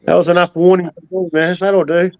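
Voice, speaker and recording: A fairly high-voiced man talking on a call in a late-night chat. He is easygoing and swears often. The audio is dull and dry. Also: flat delivery, a little fast, a little mellow, no room sound. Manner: laid-back, swearing, mocking. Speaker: guest on a call.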